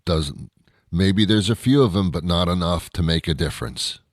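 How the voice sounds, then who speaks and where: A man's voice: low voice, moderate pace, no room sound, clean studio sound. A middle-aged man from Canada hosting a talk show, ranting in disbelief and mocking people with imitations. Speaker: radio show host. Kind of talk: solo talk show monologue.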